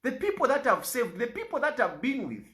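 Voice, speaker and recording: A man's voice: wildly swooping pitch, fairly quick, pushed and bright. A middle-aged man with a Zambian accent, giving an impassioned, pleading public statement. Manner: pleading, rises and falls sharply in pitch. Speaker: opposition party leader.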